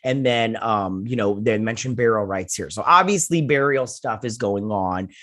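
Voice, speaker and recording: A man's voice: lowish voice, animated, normal speed, pushed and bright. A man hosting a casual episode recap. He rambles along in a loose, chatty way, often trailing off mid-thought before picking the thread back up. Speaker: host of a TV episode review channel.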